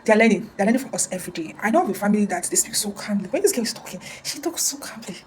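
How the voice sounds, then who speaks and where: A woman's voice: mid-range voice, animated, racing, darkish tone, a little hiss or hum, rough recording. A woman counselor giving earnest advice in a casual talk, often repeating words and restarting.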